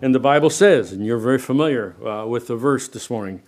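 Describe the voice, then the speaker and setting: An older man preaching a sermon to a church congregation, animated, asking the room questions and swinging between loud and quiet. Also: medium pitch, brisk. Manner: animated preaching, asks the room questions, varies loudness a lot. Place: church sanctuary.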